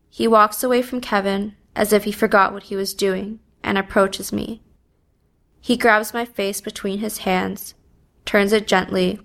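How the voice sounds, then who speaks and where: Slow, flat-voiced woman reading a story. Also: medium pitch, creaky. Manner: slow, even, subdued delivery. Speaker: narrator. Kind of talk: first-person story reading.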